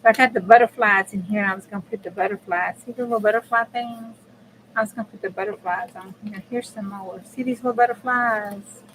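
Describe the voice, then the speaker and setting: A woman's voice: mid-range voice, a bit bright, slight background noise, rough recording. Woman, crafting livestream host; blunt, casual cussing, chats right to viewers. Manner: chatty and blunt, swears casually, talks to viewers. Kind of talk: casual live crafting chat.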